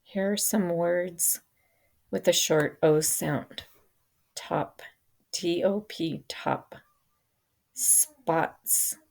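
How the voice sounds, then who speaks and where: A woman teaching an English reading lesson, saying each word slowly and then spelling it out letter by letter. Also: lowish voice, vocal fry, a little mellow. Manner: spells words letter by letter, deliberate. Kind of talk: slow phonics lesson.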